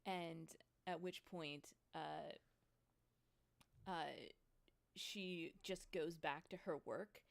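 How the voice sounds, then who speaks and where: A woman narrating as game master of a tabletop role-play, relaxed, with many fillers. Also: deep voice, very slow, creaky, pauses often.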